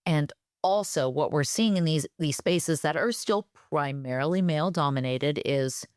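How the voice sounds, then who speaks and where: A middle-aged woman with a low voice co-hosts a casual podcast chat. She talks frankly and swears freely. The sound is dry and close, with no room echo. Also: moderate pace, darkish tone. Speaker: podcast co-host.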